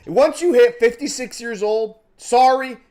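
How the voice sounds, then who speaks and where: A man hosting a casual sports podcast, ranting and joking in a loud, profane way. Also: extremely high pitch, a little slow. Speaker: podcast host.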